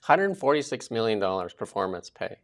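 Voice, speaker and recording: A man's voice: on the low side, big pitch swings, brisk, creaky. A man from Canada co-hosting a political talk show, ranting indignantly with sarcastic asides. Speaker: co-host. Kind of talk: political commentary chat.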